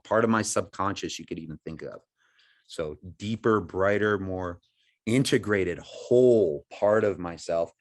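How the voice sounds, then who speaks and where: Unhurried man teaching a meditation setup. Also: fairly low pitch. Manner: unhurried, reflective, with frequent pauses and restarts. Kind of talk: spoken meditation instruction. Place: outdoors by woods.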